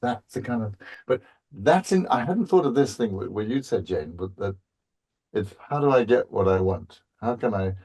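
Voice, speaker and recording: A man's voice: lowish voice, animated, moderate pace, a little mellow, breathy edge. A man guest on a podcast talking in a rambling, playful way, often restarting his thoughts. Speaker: voice actor guest. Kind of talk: casual podcast chat.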